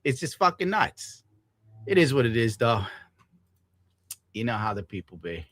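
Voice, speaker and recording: Profane ranting young man, bright and dry. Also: mid-range voice, moderate pace, no echo. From United States. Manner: profane, animated, ranting, laughs often. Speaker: streamer reading donations. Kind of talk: casual rant to chat.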